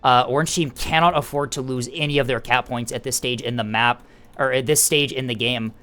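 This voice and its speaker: A man casting a space battle game live, calling the play-by-play and getting excited in tense moments. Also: mid-range voice, a little fast, smooth. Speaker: esports caster.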